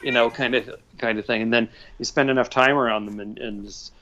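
A man's voice: fairly even intonation, brisk, bright, forceful tone. A man in his forties, a podcast guest telling rambling stories with lots of fillers. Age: 40s. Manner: rambling, chuckling storyteller with many fillers. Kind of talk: casual podcast chat. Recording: dull low-fidelity audio.

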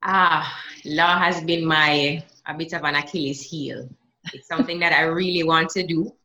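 Jamaican woman, 30s, low bright voice, reflective guest. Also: steady tone, moderate pace, poor audio. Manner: reflective, with many restarts. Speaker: interview guest. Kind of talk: conversational interview.

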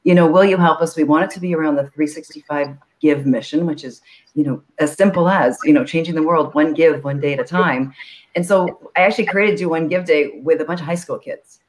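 Chatty animated nonprofit founder. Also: medium pitch, a little fast, slight background noise. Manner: chatty, animated storytelling with many fillers. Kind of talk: live show chat.

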